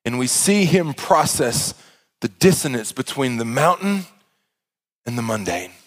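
A man preaching a sermon as pastor, impassioned, with stammering restarts and swings from hushed to loud. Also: medium pitch, expressive, a little slow.

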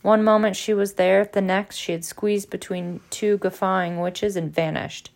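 Woman reading a book chapter out loud, lively, trips over words here and there. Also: medium pitch, moderate pace, vocal fry. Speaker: audiobook reader. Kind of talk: storybook narration.

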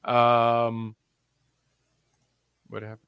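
A man's voice: mid-range voice, completely flat delivery, extremely slow, fairly bright tone, clear, resonant tone, no echo, clean studio sound. A young man hosting a casual wrestling chat show, rambling with lots of fillers in an upbeat way. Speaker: podcast host.

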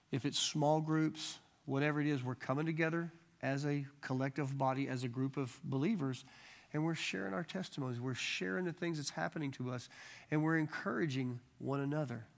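A man leading a church Bible study, telling testimony stories in a lively way and acting out the people he quotes. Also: medium pitch, normal speed, creaky. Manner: animated storyteller acting out quoted voices.

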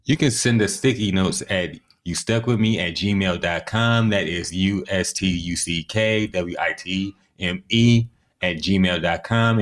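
A man co-hosting a podcast in casual chat, easygoing and chuckling. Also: low-pitched. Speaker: podcast co-host.

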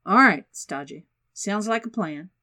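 Woman reading as a loud petty president guy, full of bluster, bossy. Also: medium pitch, expressive, measured pace. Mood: resentful. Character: brash, petty male president.

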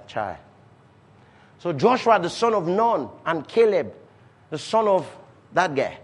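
Animated high-pitched male preacher. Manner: animated, swings from quiet asides to shouted declarations; reads scripture slowly and repeats key phrases. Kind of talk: sermon.

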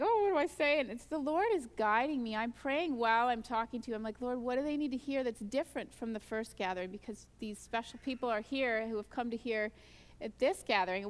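Earnest high-voiced woman in a reverberant hall. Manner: earnest, storytelling, acts out her own prayers. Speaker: guest speaker at a church gathering. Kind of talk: personal testimony in a sermon. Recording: long church hall reverb.

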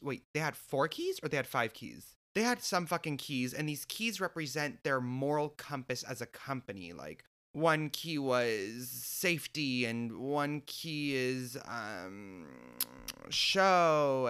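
A man's voice: mid-range voice, bright, forceful tone, clear, resonant tone. A young man casually telling a story to camera, sassy and profane, mimicking other people's voices as he goes.

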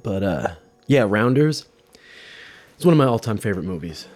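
A man's voice: fairly low pitch, sing-song, moderate pace, darkish tone, faint music behind. A man giving casual, rambling commentary while he watches a movie, chatty and a little profane. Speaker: vlogger doing movie watch-along commentary.

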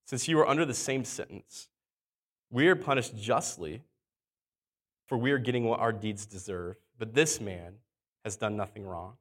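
A man preaching a sermon in a relaxed, conversational way, reading scripture aloud and repeating key words. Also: mid-range voice. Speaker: pastor.

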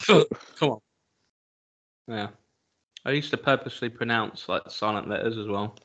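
A man's voice: fairly low pitch, unhurried, a bit bright. Laid-back man with dry humour. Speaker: podcast co-host. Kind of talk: casual chat. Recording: dull lo-fi podcast audio.

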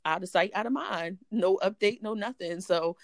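A woman guest telling a personal story in an animated way, acting out the voices of others. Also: mid-range voice, moderate pace, dry recording, clean studio sound. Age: adult. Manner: animated, acts out voices in quotes. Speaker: interview guest.

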